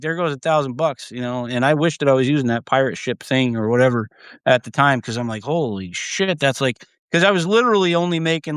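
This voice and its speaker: Guy rambling on his livestream, cusses a lot, keeps laughing, smooth voice, dead dry sound. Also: mid-range voice, fairly bright tone, no echo. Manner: profane, laughs often, trails off and restarts. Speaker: livestream host. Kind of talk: casual rambling livestream chat.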